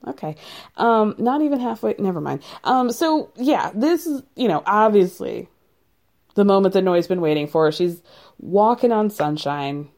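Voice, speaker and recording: A woman's voice: medium pitch, expressive, unhurried, darkish tone. A woman casually recapping a reality show in a chatty way, full of "like" and sarcastic asides.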